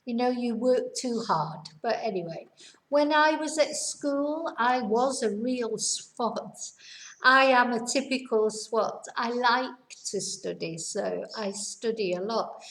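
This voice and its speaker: A woman's voice: fairly high pitch, takes it slowly, fairly bright tone. A woman, patiently teaching a vocabulary lesson and explaining each word with examples. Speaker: English teacher. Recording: roomy echo.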